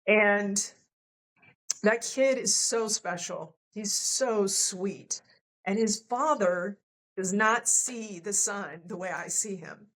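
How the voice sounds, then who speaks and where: A woman's voice: mid-range voice, slow, a bit bright. A woman sharing a personal love story as a podcast guest, candid and emotional, often quoting what others said to her.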